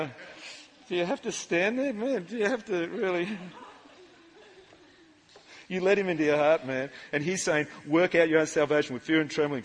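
A man preaching a lively church sermon, animated and jokey, calling out to the congregation. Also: on the high side. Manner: animated, jokey, shouts out to the crowd. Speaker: pastor. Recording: live sermon in a reverberant church hall.

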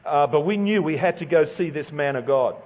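A middle-aged Australian man preaches in a loose, joking, chatty manner, often restarting his phrases. His voice sits a little high for a man, and the church hall around him rings with a long reverb. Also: expressive, fairly quick, darkish tone. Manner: casual, joking, conversational preaching with stumbles. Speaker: pastor. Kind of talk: sermon.

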